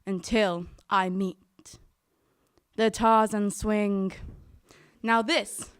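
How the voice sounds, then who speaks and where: A woman's voice: mid-range voice, fairly even intonation, extremely slow, clear, resonant tone, no room sound, studio quality. A young woman telling a true story to a live audience, earnestly voicing her own thoughts. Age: young adult.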